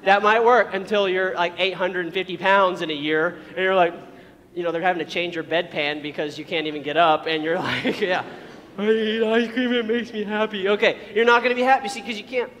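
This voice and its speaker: Brief: male pastor with a high voice, preaching casually and playfully in a church hall with long reverb. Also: fairly quick, fairly bright tone. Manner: casual, joking preaching with asides. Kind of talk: sermon.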